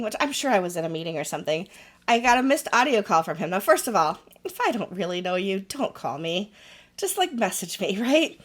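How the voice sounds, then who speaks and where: A woman's voice: medium pitch, fairly bright tone. A woman co-hosting a podcast, telling a frank, wry story in casual chat and acting out the messages she quotes. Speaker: podcast co-host.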